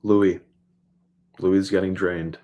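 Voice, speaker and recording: Deep-voiced man recapping a TV episode. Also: little pitch movement, slow pace, lo-fi sound. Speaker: podcast co-host. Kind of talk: casual TV episode recap chat.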